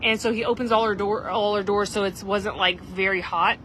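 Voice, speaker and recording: A woman's voice: medium pitch, steady tone, normal speed, a bit bright, slight background noise, rough recording. A woman, casually telling a rambling story to live viewers outdoors at a campground. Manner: rambling, chatty, frequent "like" and "literally". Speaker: livestream host.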